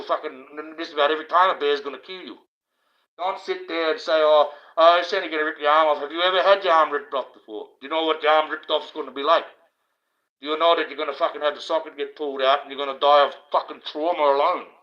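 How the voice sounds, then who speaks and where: A man's voice: a little high, fairly bright tone. Ranting man, profane and rambling. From Australia. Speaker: livestream host. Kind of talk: ranting monologue. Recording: dull lo-fi stream audio.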